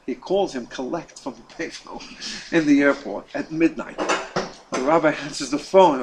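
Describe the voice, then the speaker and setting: A man teaching a class as a rabbi, telling a story with lively delivery, repeating words and acting out the quoted lines. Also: a little high, moderate pace, slight background noise, low-quality recording. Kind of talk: storytelling lesson.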